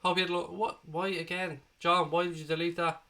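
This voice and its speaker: A man hosting a live football watchalong, calling the play and chatting with viewers, excitable and prone to swearing as he cheers. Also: a little high, brisk. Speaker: watchalong host. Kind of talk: live match commentary and chat. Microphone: desk microphone.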